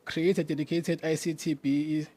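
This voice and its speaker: A man's voice: fairly high pitch, flat delivery, fairly quick, a little mellow, breathy edge. A South African man from KwaZulu-Natal, a provincial secretary giving a conference address, chanting slogans and mixing Zulu words into his English.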